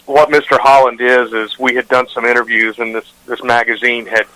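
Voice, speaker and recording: Man, radio host, rambling storyteller, bright forceful tone, casual interview. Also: medium pitch, little pitch movement, a little fast, dry recording, low-quality recording. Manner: rambling anecdotes with frequent restarts and fillers. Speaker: radio show host, guest.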